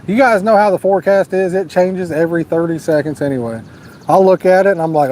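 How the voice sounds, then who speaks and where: Man, slightly high voice, relaxed livestream chatter, faint outdoor hiss. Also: brisk. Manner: laid-back, drawling, urges viewers to like and subscribe. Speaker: fishing livestream host. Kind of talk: casual live-stream chat, reading viewer comments. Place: outdoors at a lake at night, storm nearby.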